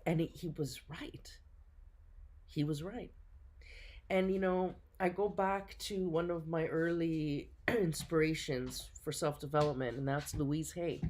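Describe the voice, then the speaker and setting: A woman, a business owner telling a self-mocking story to camera in a casual, lively way. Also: deep voice, a little slow.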